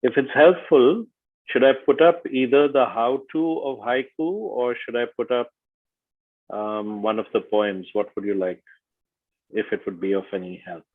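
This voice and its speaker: Slow, deliberate man on a tinny call. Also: medium pitch. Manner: slow, deliberate, stresses each syllable. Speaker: workshop facilitator. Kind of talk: online teaching session. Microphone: video call. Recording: tinny video-call audio.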